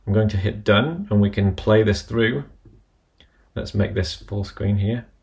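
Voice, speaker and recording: A man with a low, gravelly voice explains each step of a software tutorial in a measured, methodical way. He works through the instructions one item at a time, in a plain instructional tone. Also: slight background noise. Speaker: app tutorial presenter. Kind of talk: screen-recorded software tutorial.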